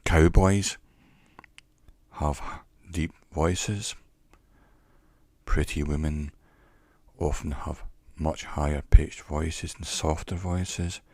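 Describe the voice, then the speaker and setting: Very deep, slow, gravelly male teacher. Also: fairly even intonation, darkish tone, no room sound. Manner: measured, reflective, pausing often between phrases. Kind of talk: educational monologue.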